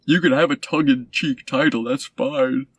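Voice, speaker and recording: A man's voice: medium pitch, steady tone, normal speed, breathy edge, no echo. A man casually recapping a film he reviews, sarcastic and rambling with lots of fillers and asides. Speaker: movie reviewer.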